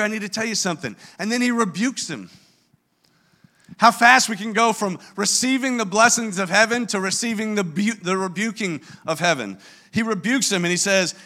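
A man's voice: high-pitched, bright, forceful tone. A man preaching a sermon as pastor, emphatic and earnest, often restarting his words.

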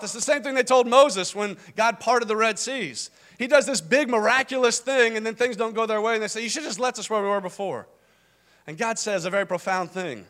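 A man's voice: high-pitched, a little fast, a bit bright. A man preaching a sermon, stressing points with repetition and acting out the voices of God and the people in scripture. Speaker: pastor.

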